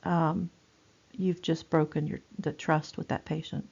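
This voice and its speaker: A woman's voice: low-pitched, little pitch movement, a little slow, vocal fry, noisy background. A woman, giving a chatty recorded nursing lecture with many fillers and repeats. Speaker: nursing instructor. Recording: dull lo-fi recording.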